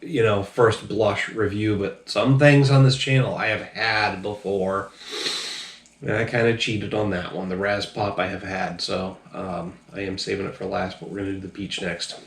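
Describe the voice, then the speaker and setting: Low-voiced tipsy man in echoey room. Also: steady tone, normal speed, creaky. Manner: loose, profane, rambling with many fillers. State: a little tipsy. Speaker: drinks reviewer. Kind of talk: casual review vlog.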